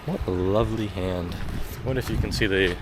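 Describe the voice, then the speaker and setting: American man, very low voice, rambling walking vlog, handheld phone, outdoor noise. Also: normal speed. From United States. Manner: rambling, self-deprecating, many fillers. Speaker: travel vlogger. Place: outdoors on a rural back road. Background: footsteps on gravel and leaves, outdoor sounds.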